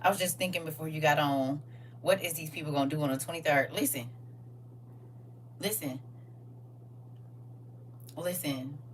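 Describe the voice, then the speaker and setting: A woman hosting a casual livestream, reading viewer comments aloud and reacting with animated, laughing slang. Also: low-pitched, moderate pace, pauses often, far from the mic, slight background noise. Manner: animated, laughing, talks back to chat with slang. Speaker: livestream host.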